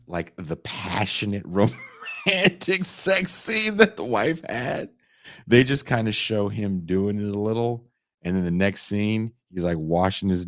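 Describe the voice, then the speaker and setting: Animated, foul-mouthed man recapping a movie. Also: lowish voice, no echo, clean studio sound. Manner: profane, animated storytelling with put-on character voices. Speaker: podcast host. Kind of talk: casual chat, recapping a movie.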